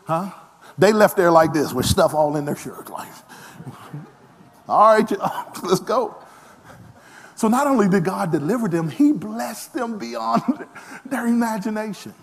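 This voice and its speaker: A man preaching a lively sermon as pastor, self-deprecating, with frequent call-and-response asides. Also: sits high, unhurried, creaky.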